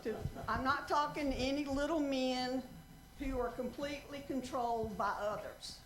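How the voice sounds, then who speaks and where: A woman in her seventies from North Carolina, giving a folksy, earnest public comment at a council meeting with slow, emphatic appeals. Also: high-pitched, steady tone, background noise. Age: 70s. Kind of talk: prepared public comment with a joke. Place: council chamber. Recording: roomy council chamber.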